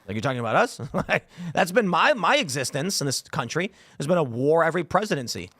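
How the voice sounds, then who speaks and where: A man in his thirties, hosting a casual political talk show, talks at a rapid clip in a slightly raised voice. He acts out the people in his stories as he goes. The studio sound is dry and close. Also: fairly high pitch, slightly rough, no room sound. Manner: animated storyteller, acts out quotes. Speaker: podcast host.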